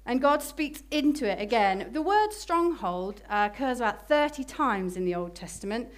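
Woman preacher, slightly high voice, emphatic sermon delivery that slows for key phrases. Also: big pitch swings. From Britain.

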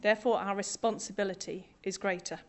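A woman's voice: medium pitch, steady tone, fairly quick. A middle-aged woman from Britain preaching a sermon to a congregation, conversational and self-deprecating with humour.

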